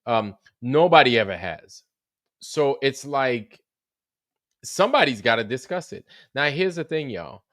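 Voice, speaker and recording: A man's voice: medium pitch, expressive, measured pace, a bit bright, dry recording, clean studio sound. A man hosting a livestream, chatting casually about a show that just ended. He swears freely, laughs often and greets viewers by name. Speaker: livestream host. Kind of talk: casual livestream recap chat.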